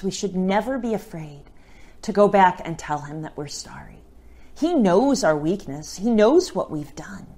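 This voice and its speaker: A woman's voice: fairly low pitch, a little mellow. A middle-aged woman, a Catholic missionary, giving an informal teaching talk on scripture and often checking in with the listener. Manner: conversational, often checks in with a tag question.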